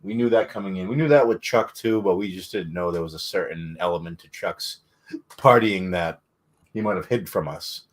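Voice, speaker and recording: Male co-host, very deep voice, easygoing storyteller, filler-heavy casual chat. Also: normal speed. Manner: laid-back storytelling with frequent fillers. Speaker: podcast co-host.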